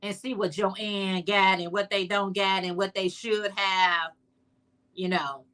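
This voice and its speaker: Woman, livestream host, casual chat, bright tone, playful asides to viewers. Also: mid-range voice, fairly even intonation, slow. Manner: chatty, playful, talks straight to viewers; sassy, teasing asides.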